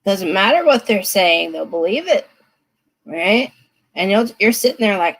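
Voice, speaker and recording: Slow, chatty woman tarot reader. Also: medium pitch, expressive, low-quality recording. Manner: chatty, emphatic, laughs often. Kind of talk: live-stream reading.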